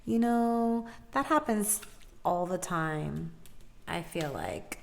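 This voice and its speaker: A woman giving a casual tarot reading who gets excited and loud, then drops back down, laughing often and swearing casually. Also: on the low side, takes it slowly, creaky, slight background noise. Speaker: tarot reader.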